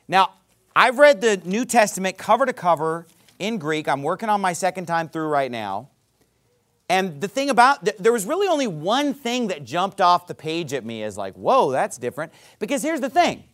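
Animated male preacher. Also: high voice. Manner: emphatic, conversational teaching with frequent "okay?" and "right?". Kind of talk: sermon.

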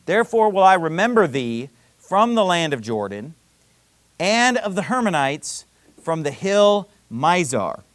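A man preaching a sermon in an animated, conversational way, full of rhetorical questions and quoted scripture. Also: high voice, a little slow, no room sound. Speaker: pastor.

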